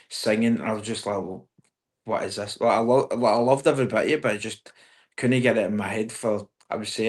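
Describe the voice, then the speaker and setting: A young Scottish man, a podcast guest, telling childhood stories in casual chat and acting out what his dad said. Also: on the low side. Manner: animated storyteller, acts out his dad.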